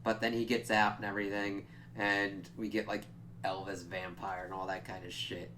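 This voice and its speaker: A man's voice: fairly low pitch, monotone, normal speed, pushed and bright, slight background noise. A young man casually reviewing a TV episode, rambling and swearing freely as he acts out bits of dialogue. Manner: rambling and profane, acts out quoted lines.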